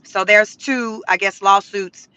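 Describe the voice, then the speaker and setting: A woman from the Southern US with a Southern accent, chatting to viewers in an animated, slangy commentary. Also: medium pitch, takes it slowly, dry recording, dull audio. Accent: Southern American. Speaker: commentary vlogger.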